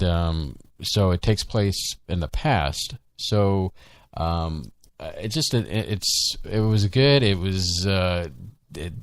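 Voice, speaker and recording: A man with a low, clear, resonant voice co-hosts a live show, chatting casually on a live stream. He rambles, filling his talk with lots of ums and restarts. The recording has no echo.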